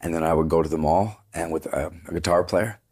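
A man, a singer, chatting casually in an interview, telling animated stories with plenty of "like" and "dude" and the odd swear word. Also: sits low, fairly quick, breathy edge. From Canada. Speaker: guest singer.

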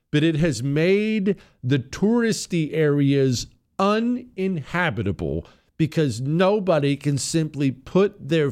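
A man's voice: mid-range voice, a little mellow. A man hosting a talk show, giving sarcastic, ranting commentary. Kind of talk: opinionated commentary.

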